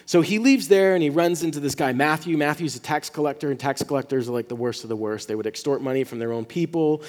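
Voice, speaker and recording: A man preaching a sermon as pastor, talking in a casual, animated way and often restarting his words. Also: a little high, quick pace, big-room sound.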